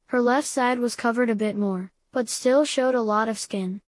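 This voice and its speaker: A woman reads a first-person story aloud at a steady, even pace. Her voice sits a little high, and it is recorded close up with no room sound at all. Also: moderate pace, no echo. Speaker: audiobook reader.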